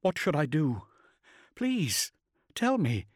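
A man's voice: a little high, huge pitch swings, slow pace, slightly rough, no room sound, studio quality, voice pushed up, exaggerated voice. A man voicing an anxious, pleading young woman. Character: frightened devoted young woman, tender and pleading.

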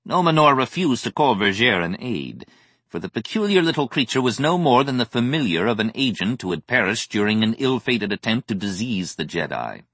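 A man reading a science fiction audiobook as narrator, in an expressive, measured way. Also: medium pitch, dry recording. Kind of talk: scripted narration.

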